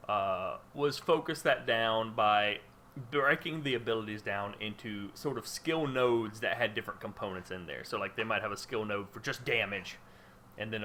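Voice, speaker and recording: A man's voice: lowish voice, sharp tone, slight background noise. A man hosting a casual gaming podcast, rambling with lots of fillers and restarts. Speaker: podcast host. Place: home room under a spotlight.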